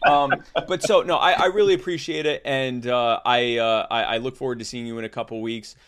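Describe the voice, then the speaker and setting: A man's voice: medium pitch, fairly even intonation, a bit bright, clean tone. Chatty man hosting a podcast. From United States. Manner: halting, many fillers and restarts. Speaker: podcast host. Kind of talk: casual chat.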